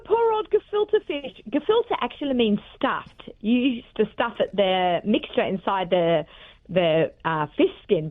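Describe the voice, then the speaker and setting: A woman chef with an Australian accent, chatting casually as a guest on a radio interview, full of cooking tips. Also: medium pitch. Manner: chatty, warm-hearted cooking tips with fillers. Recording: phone-line audio.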